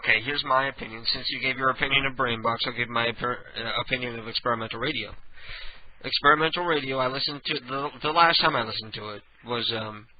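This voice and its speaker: A man's voice: medium pitch, quick pace. A man hosting a radio prank show in casual, rambling chat, joking and laughing often. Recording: dull lo-fi radio recording with faint hiss.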